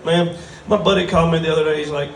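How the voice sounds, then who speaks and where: A man's voice: fairly high pitch, steady tone, fast talker, a little hiss or hum. A man doing a stand-up comedy set at a brewery, drawling and crude, making fun of himself. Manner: drawling, crude, self-mocking. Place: brewery stage with live audience. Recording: roomy live venue from a distance.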